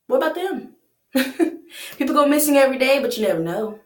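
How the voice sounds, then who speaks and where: A woman's voice: high-pitched, lively intonation, a little fast, reverberant. A young woman hosting a reaction video, chatting casually, laughing often and asking rhetorical questions.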